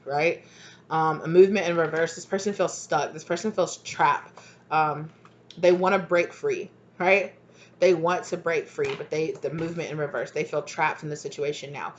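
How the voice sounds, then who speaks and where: A woman's voice: deep voice, normal speed, muffled recording, slight background noise. A woman giving a casual tarot reading, chatty and full of fillers, laughing now and then. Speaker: tarot reader.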